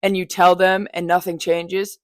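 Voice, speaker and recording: Brief: young woman podcast host, lower voice, dry close sound, blunt and swears a lot, casual monologue. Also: flat delivery, measured pace, no room sound. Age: young adult. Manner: blunt, frank, swears freely, chatty asides.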